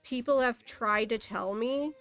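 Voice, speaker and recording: A woman's voice: on the high side, measured pace, a bit bright, soft background music. A young woman in a casual, exasperated ranting monologue, swearing often and laughing in disbelief. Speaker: streamer.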